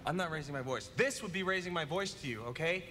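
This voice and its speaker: A man's voice: fairly high pitch, animated, quick pace, bright, forceful tone, faint music behind. An actor playing a belligerent male airline passenger, ranting and sarcastic as he refuses to check his bag. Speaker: angry airline passenger in a film clip.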